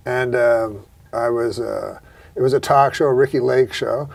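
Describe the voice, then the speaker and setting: Deadpan gravelly-voiced male comedy host. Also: medium pitch, unhurried. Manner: deadpan, rambling and profane. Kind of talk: casual comedic chat and storytelling.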